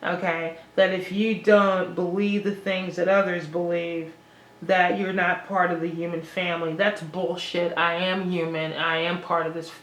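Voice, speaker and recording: A woman's voice: on the low side, flat delivery, measured pace, a bit bright, reverberant, rough recording. A woman vlogging in an agitated, rambling monologue, swearing often and restarting her sentences. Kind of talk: unscripted monologue to camera.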